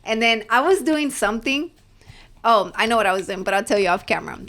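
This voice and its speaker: A woman's voice: a little high, expressive, fast, a bit bright. A woman co-hosting a podcast, telling stories in casual chat and checking in with "right?" often. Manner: talkative, storytelling with lots of "like" and "right?". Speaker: podcast co-host.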